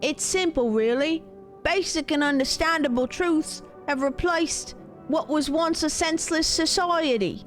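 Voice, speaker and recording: A woman's voice: high voice, a little slow, faint music behind, voice pushed up. A woman voicing a ruthless male pack leader in a game, preaching in a shaky attempted British accent. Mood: menacing.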